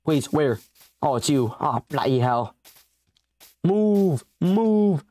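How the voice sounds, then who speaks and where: A young man narrating his own survival game as he plays. He talks in a frantic, pleading rush, bargaining with whatever is chasing him. His voice sits at an ordinary middle pitch. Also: steady tone, a little slow, a little mellow, no echo. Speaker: gamer. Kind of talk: let's play commentary.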